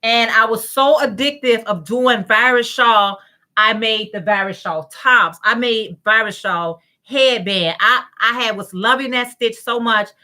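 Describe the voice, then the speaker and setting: A woman's voice: fairly high pitch, measured pace, sharp tone. A woman hosting a crochet livestream, chatting casually, greeting viewers by name and reading their comments aloud.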